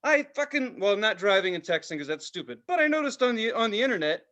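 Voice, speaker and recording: A man co-hosting a podcast in casual chat, telling profane, animated stories and mimicking voices. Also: high voice, fast talker, few pauses, dull audio. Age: adult with a child. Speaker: podcast co-host.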